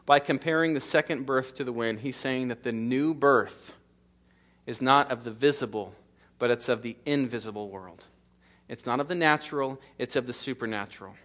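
A man's voice: medium pitch, normal speed, fairly bright tone. A middle-aged man preaching a sermon in a church, with an emphatic, repetitive cadence that builds through lists of short phrases. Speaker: pastor. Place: church sanctuary.

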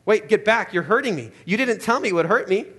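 A man's voice: on the high side, quick pace, fairly bright tone. A man doing a nervous bargaining ghost. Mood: panicked. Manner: nervous, stalling, rising to panic. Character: pleading male ghost, anxious and bargaining.

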